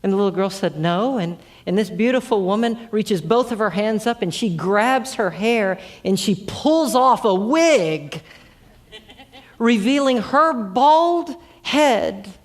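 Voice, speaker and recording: A woman's voice: mid-range voice, animated, normal speed, hardly any pauses. A woman preaching a narrative sermon, earnest and full of repeated restarts. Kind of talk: storytelling sermon.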